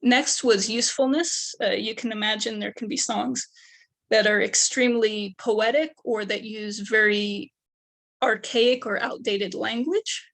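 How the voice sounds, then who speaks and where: Young female student researcher, gravelly fry, methodical presenter. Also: on the high side, fairly even intonation, unhurried. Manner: methodical, explaining steps one by one. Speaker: undergraduate researcher.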